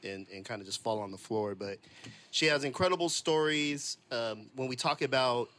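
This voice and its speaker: A man's voice: mid-range voice, moderate pace, a bit bright. A man co-hosting a podcast, introducing the episode in an enthusiastic, rambling way. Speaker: podcast co-host.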